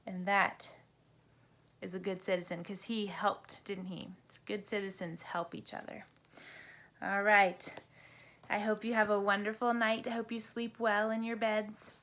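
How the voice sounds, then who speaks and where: A woman, a teacher, reading a children's bedtime picture book aloud in a gentle sing-song way. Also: medium pitch, flat delivery, measured pace. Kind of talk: children's storybook read-aloud.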